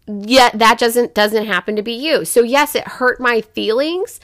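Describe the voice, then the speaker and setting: A woman's voice: fairly high pitch, a little slow, fairly bright tone, dry recording, clean studio sound. A woman who is a mother, telling a personal story in a frank, casual podcast conversation, swearing freely and leaning on "like" and "you know". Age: adult parent. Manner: frank, profane storytelling with filler words.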